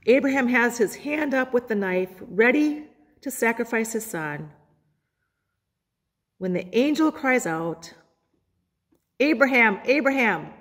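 A woman pastor delivers a sermon in a church sanctuary, slowing down and pausing to quote scripture. Her voice sits a little higher than most, and it rings out with a long reverb in the hall. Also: expressive. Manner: preaching, quotes scripture with dramatic pauses.

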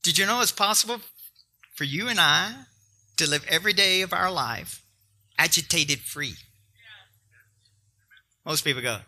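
Bright, high-voiced man preaching. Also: sing-song, normal speed, long pauses. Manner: emphatic, joking preaching that talks straight to the congregation. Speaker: pastor. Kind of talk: sermon.

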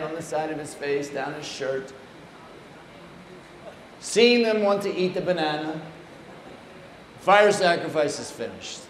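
A man gives an animated, playful storytelling talk at a temple. His voice sits slightly high for a man. The room is echoey, and a faint hiss runs underneath. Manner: animated, playful anecdotes with acted quotes. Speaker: speaker at a temple.

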